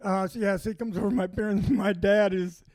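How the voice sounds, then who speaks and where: A man's voice: high voice, steady tone, quick pace, darkish tone, no echo. An older man, telling a rambling story on a podcast, laughing and restarting often. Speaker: podcast guest. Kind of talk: casual anecdote telling.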